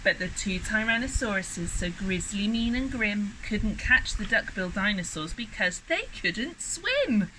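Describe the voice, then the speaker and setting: A young woman, a swimming teacher, reading a rhyming picture book aloud at a pool in a lively, rhythmic way. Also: mid-range voice, measured pace, few pauses, slight background noise, poor audio. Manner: lively, rhythmic, sing-song storytelling.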